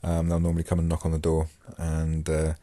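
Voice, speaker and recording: Man, very low voice, mellow tone, dry close sound, rambling casual talk. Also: monotone, a little fast, no echo. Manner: rambling, many fillers and restarts. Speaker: podcast host and former prisoner. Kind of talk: casual monologue.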